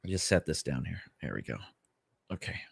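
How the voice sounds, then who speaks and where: A man's voice: rumbling low, very animated, brisk, vocal fry, breathy edge, no echo. A man hosting a casual livestream from a small home studio, chatting in a rambling, easygoing way and greeting viewers by name. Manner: easygoing, self-correcting asides. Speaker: livestream host.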